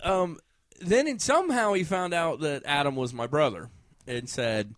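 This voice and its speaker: A man's voice: a little high, animated, moderate pace, a bit bright. A man telling a casual story, often laughing and acting out what other people said.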